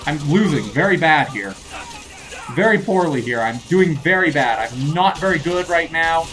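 Flustered young gamer talking to himself. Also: male voice, fairly high pitch, lively intonation, a bit bright. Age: young adult. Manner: flustered, rambling self-talk, quick to laugh off his own mistakes; scolds enemies in a jokey way. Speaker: gamer playing through a shooter. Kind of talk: let's play commentary.

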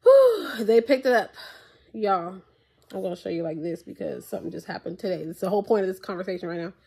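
A woman's voice: on the low side, fast talker, vocal fry, mellow, breathy edge. A young woman vlogging at home into her tablet's mic, chatting to viewers in an exasperated, casual way. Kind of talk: casual chat to camera. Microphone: tablet built-in mic.

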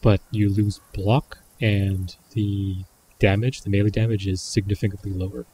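A man's voice: fairly low pitch, little pitch movement, moderate pace, dark tone, a little hiss or hum. A man giving casual running commentary while playing a survival game, talking himself through his choices. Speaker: gameplay commentator.

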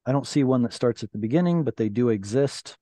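A man leads an online Hebrew lesson, his voice mellow and dark. He explains grammar points patiently and step by step. The sound is dry and close, with no room echo. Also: medium pitch, animated, fast. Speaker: Hebrew teacher. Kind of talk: online class discussion. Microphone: video call.

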